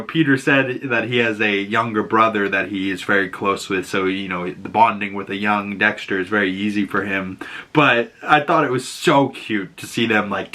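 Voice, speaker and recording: Bright-voiced man, animated TV recap. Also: fairly low pitch. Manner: animated, laughs often, acts out quotes. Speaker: show host recapping a TV episode. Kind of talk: casual recap.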